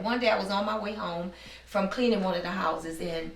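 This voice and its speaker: Middle-aged woman, heartfelt storyteller, mid-pitched, recorded in a reverberant room from a distance. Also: fairly even intonation, moderate pace. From New Orleans, USA. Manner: earnest, heartfelt, faith-filled telling. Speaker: business owner interviewee. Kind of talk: personal storytelling interview. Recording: roomy sound, mic at a distance.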